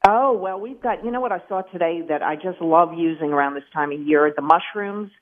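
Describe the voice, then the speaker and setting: A woman phoning in to a radio show, upbeat and chatty about her market's produce. Her voice sits fairly low and comes through a thin, tinny phone line. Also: brisk. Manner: upbeat, chatty, some restarts. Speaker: farmers market guest on phone. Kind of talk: casual phone-in chat.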